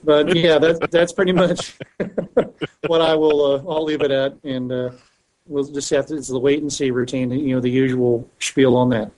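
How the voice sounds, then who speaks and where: A man's voice: medium pitch, little pitch movement, normal speed, darkish tone, poor audio. A man chatting on a podcast panel, talking in a rambling, hesitant way with many restarts. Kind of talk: casual chat.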